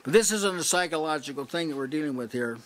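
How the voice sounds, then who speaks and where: A man delivers a sermon in a conversational teaching tone, pausing to restart his thoughts and asking his listeners to see his point. His voice sits a little high for a man. He talks to a small gathering in a house church. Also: expressive. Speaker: preacher.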